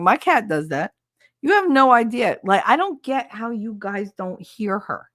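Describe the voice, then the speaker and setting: A woman's voice: mid-range voice, animated, normal speed, fairly bright tone, no room sound, clean studio sound. A woman with a son, hosting a stream and chatting casually and bluntly, swearing often and laughing a lot, on a desk mic on an arm. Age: adult with a son. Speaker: streamer and podcast host. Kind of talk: casual chat with live chat. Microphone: desk mic on a standing arm.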